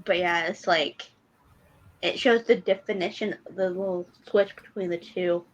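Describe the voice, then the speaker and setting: Giggly, excitable woman podcast co-host. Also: fairly low pitch, a little slow, lo-fi sound. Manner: excitable fan storytelling, giggly. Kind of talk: casual chat.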